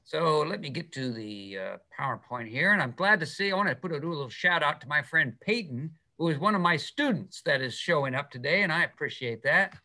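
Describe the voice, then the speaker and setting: A man's voice: fairly high pitch, animated, brisk, few pauses, pushed and bright. A middle-aged man, a science teacher, giving an enthusiastic, chatty talk with slides on a video call and checking in with "okay?". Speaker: guest speaker, middle school science teacher. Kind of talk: animated public talk with slides.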